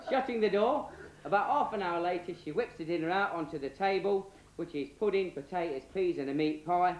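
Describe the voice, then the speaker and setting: A man's voice: high-pitched, a little fast. A man with a Cockney accent telling a bawdy comic story in a rambling, cheeky, slangy way. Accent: London Cockney. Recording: roomy echo, faint hiss.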